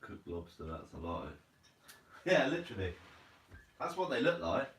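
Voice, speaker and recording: A very animated man with a medium-pitched voice speaks a little slowly as he hosts a casual live stream, amid slight background noise. Laid-back and chatty, he reads out comments, laughs often and says "mate" a lot, and a distant mic makes it sound roomy.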